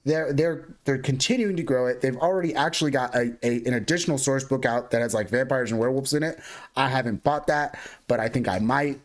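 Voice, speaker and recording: A man's voice: mid-range voice, brisk. A man hosting a tabletop game stream, rambling through casual sign-off plugs with a laugh and the odd swear. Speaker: host.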